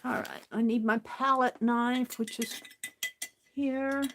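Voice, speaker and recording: Slow, unhurried woman crafting and talking to herself. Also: a little high, little pitch movement, fairly bright tone, a little hiss or hum. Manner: muttering to herself while working, slow and unhurried. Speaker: craft livestream host. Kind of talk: casual crafting commentary.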